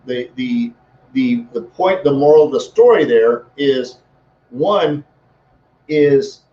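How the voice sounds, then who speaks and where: A man's voice: fairly high pitch, darkish tone, slight background noise. Rambling male coach in an echoey room. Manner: rambling, many restarts and fillers. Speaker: leadership coach. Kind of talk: casual live-stream talk. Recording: echoey room, dull lo-fi sound.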